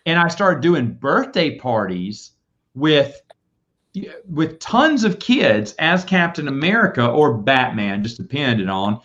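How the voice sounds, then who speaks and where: A man hosting a casual chat, telling rambling, animated stories. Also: mid-range voice, slow pace. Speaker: podcast host. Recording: dull lo-fi audio.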